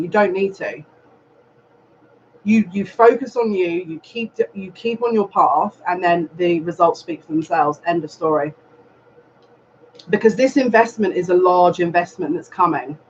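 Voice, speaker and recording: A man giving a live tarot reading, earnest and repetitive, speaking straight to the viewer. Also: high-pitched. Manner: earnest, repetitive, advising directly. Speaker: psychic reader. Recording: dull lo-fi sound with faint noise.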